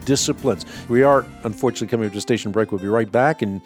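A man hosting a call-in radio show, answering a caller's Bible questions in a measured, emphatic teaching tone. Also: fairly low pitch, faint music behind. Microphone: studio microphone.

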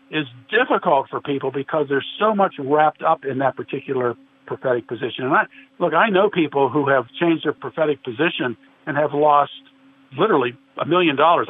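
A man earnestly arguing a point of theology in a discussion, quoting scripture at length. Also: medium pitch. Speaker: podcast guest. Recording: tinny phone-like line with faint noise.

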